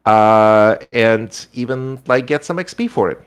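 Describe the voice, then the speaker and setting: A man narrates a tabletop adventure as game master, with a mid-range pitch. He describes scenes in a loose, chatty way, full of fillers. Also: a little slow, smooth.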